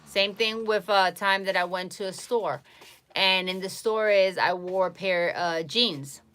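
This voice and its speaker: A woman's voice: medium pitch, measured pace, a bit bright. A woman talking casually on a live stream, giving blunt, emphatic advice and repeating herself for emphasis. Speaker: psychic livestreamer.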